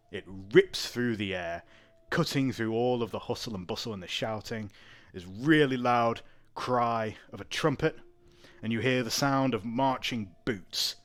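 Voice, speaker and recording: Male game master, mid-pitched, loose chatty narration with frequent laughs. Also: fairly bright tone. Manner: laughs often, loose with fillers.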